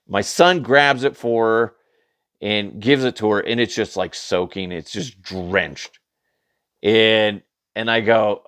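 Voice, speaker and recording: A man hosting a comedy news podcast, telling funny stories in a chatty, animated way and laughing at his own jokes. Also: medium pitch, dry recording. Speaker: podcast host. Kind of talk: casual comedic storytelling.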